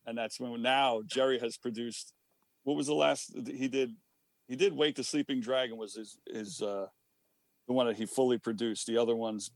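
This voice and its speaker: A man with a New York accent, a band's singer, chatting as a guest in an interview and telling stories with quick asides and laughs. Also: medium pitch, no room sound. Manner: animated storyteller, quick asides, frequent laughs. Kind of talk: casual interview chat.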